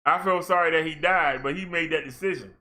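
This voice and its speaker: A man hosting his own livestream, talking bluntly and casually to his viewers. His voice sits a little high and sounds bright and forward. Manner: blunt, talkative, quick apologies. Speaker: livestream minister. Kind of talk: casual commentary over played clips.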